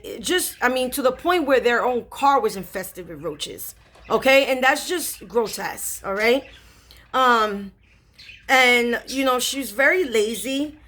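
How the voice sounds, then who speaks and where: A woman spiritual reader casually retelling a story in slangy, animated speech with lots of fillers. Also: a little high.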